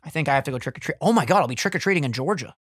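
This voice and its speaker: Young man, podcast co-host, jokey and profane, slightly high pitch, dead dry recording. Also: expressive, fairly bright tone, breathy edge, dry recording. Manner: profane, jokey, quick with bits. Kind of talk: casual podcast banter.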